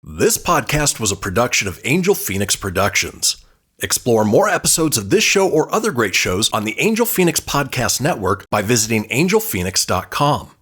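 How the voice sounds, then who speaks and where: Husky, lively male podcast announcer. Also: mid-range voice, normal speed. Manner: polished, announcer delivery. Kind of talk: scripted outro announcement.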